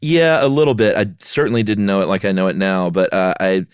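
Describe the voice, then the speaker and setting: A man's voice: low voice, fairly even intonation, a little fast, smooth, no room sound, clean studio sound. A middle-aged man co-hosting a podcast, laid-back and teasing, often laughing. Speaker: podcast co-host. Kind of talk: casual chat.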